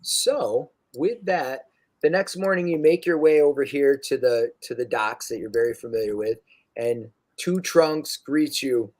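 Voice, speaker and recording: A young man narrating as dungeon master in a relaxed, halting way with many fillers. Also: mid-range voice. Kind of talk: narrating a tabletop game.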